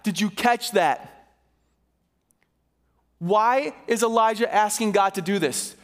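A male pastor preaching an impassioned sermon in a church sanctuary, swinging between urgent and slow, emphatic delivery. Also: high-pitched, a bit bright. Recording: reverberant hall.

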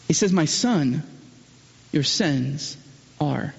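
High-voiced pastor preaching in a reverberant hall. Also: male voice, lively intonation, drawn-out words, gravelly, slightly rough. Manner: rhetorical questions to the congregation; builds to loud emphatic peaks, drops low for solemn lines. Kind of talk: sermon. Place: church hall. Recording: muffled sermon recording with long hall reverb.

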